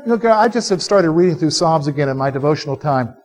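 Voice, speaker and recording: High-voiced preaching man quizzing his congregation. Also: fast, hardly any pauses. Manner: animated preaching that quizzes the congregation for call-and-response; direct, conversational asides to the listeners. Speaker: pastor. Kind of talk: sermon. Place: church service before a live congregation.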